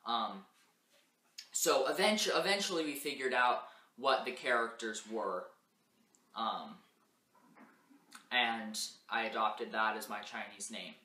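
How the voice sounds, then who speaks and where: A man's voice: medium pitch, takes it slowly, pauses often, bright, forceful tone. A young man giving a class presentation as a language student, explaining things step by step in a methodical way with frequent "um" and "uh" fillers. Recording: roomy echo.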